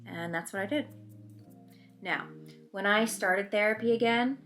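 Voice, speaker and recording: A woman's voice: mid-range voice, measured pace, fairly bright tone, faint music behind. A young woman vlogger telling a personal story in an open, conversational, confessional way while doing her makeup. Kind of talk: candid confessional storytelling vlog.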